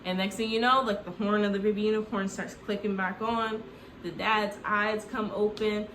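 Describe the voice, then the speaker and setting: A woman hosting movie recaps tells a film's story in a loose, joking, rambling manner, using "like" heavily and the odd curse. Her medium-pitched voice is steady and a bit bright at a moderate pace. There's slight background noise in the echoey room.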